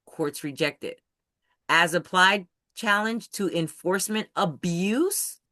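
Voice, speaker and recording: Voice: mid-range voice, bright, forceful tone, no room sound, clean studio sound. A host leading a live video-call study session. The host talks emphatically and keeps asking whether everyone understands. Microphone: computer mic on a video call.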